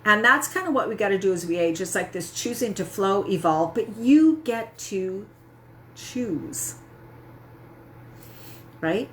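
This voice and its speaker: A woman's voice: medium pitch, expressive, a little slow, pauses often, slight background noise. A middle-aged woman health coach talking casually and candidly to her audience, often tagging her points with "right?". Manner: candid, self-mocking, frequent "right?" asides. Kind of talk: casual talk to camera.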